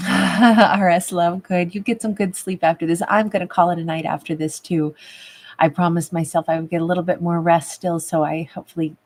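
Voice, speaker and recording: A woman tarot reader in a casual livestream, chatting affectionately with viewers and calling them babe and love, a little rough from a recent cough. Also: on the low side, fairly even intonation, a little fast, a little mellow. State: recovering from a cough. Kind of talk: livestream chat reading viewer comments.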